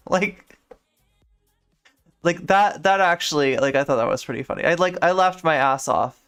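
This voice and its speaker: A woman streams a game and chats casually, rambling with lots of filler words. Her voice is smooth and clear. Faint game music plays underneath. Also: low voice, moderate pace, a bit bright. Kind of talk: casual live-stream chat while gaming.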